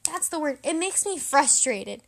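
A woman's voice: high-pitched, normal speed, vocal fry. A young woman hosting a podcast, rambling through a personal story in a casual, self-deprecating way. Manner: rambling, self-deprecating, animated when quoting herself.

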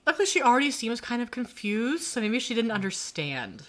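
A woman's voice: on the high side, big pitch swings, fairly quick, fairly bright tone. A woman co-hosting a podcast, chatting casually and animatedly as she recaps, often laughing and acting out characters' lines. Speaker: podcast co-host.

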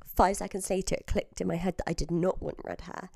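This early-twenties podcast host from southern England is feeling unwell but chats casually, telling stories, laughing a lot and sometimes whispering, right up close to the mic. She has a low, darkish, slightly rough voice with vocal fry, fairly even intonation and a brisk pace. The recording is studio quality without room sound.

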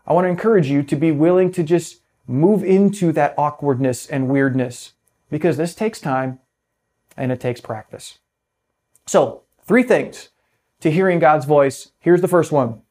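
A man preaching a sermon as pastor, earnest, slowing down to stress key phrases and dropping to a hush on closing words. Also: on the high side.

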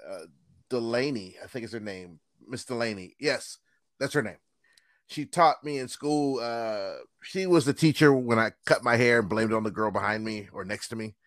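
A man telling stories in a casual chat, animated and acting out the people he quotes. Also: medium pitch, no echo, clean studio sound. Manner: animated storyteller, acts out quoted voices.

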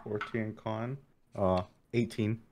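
A man's voice: fairly low pitch, fairly even intonation, slow pace, darkish tone. A man playing a tabletop game who talks in a laid-back, chuckling way. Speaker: player. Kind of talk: casual tabletop play.

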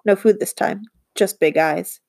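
A woman narrating a children's audiobook in the first person, with lively, girlish storytelling. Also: mid-range voice, unhurried, gravelly. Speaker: audiobook reader.

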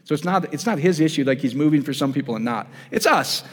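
In a reverberant church hall, a pastor delivers a casual, conversational sermon, calling his listeners "guys" and often asking whether they follow him. His voice sits on the high side, slightly rough, quick-paced, with lively intonation.

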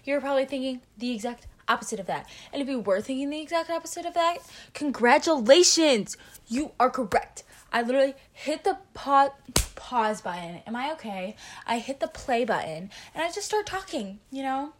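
A woman's voice: high voice, expressive, brisk. A teenage girl hosting her own casual podcast, a little out of breath and eating, rambling and tripping over her words as she talks. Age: teens. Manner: rambling, self-interrupting, stumbles over words; eating while talking. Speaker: podcast host. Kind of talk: casual solo podcast chat.

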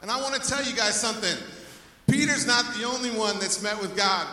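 A man's voice: high voice, fairly quick, pushed and bright. A male pastor preaching a sermon in a church, speaking with energy and calling out to the congregation for praise. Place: church sanctuary. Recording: echoey hall, voice from far off.

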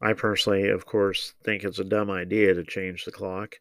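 A man giving opinionated solo political commentary, measured and deliberate, with frequent ums and uhs. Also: low-pitched, flat delivery, a bit bright, no room sound.

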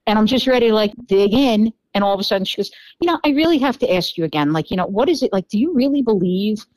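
As a guest on a casual podcast, a woman with a New York accent tells a dating story, animated and full of fillers as she acts out the quoted dialogue. Her pitch is medium and her pace quick, with no echo on a rough recording.

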